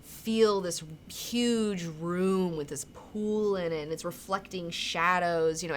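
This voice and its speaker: A woman's voice: on the low side, a little hiss or hum. A woman hosting a casual comic book recap, rambling and candid, swearing freely and acting out characters' lines. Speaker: comic book discussion host.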